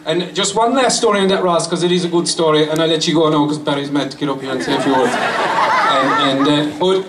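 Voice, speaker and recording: A man's voice: on the high side, steady tone, a little fast. Laughing Irish man telling stories to a crowd. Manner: laughing storyteller who acts out quotes. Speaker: former racer giving a speech. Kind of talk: anecdotal speech to a crowd. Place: crowded celebration venue. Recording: distant mic, echoey, crowd noise.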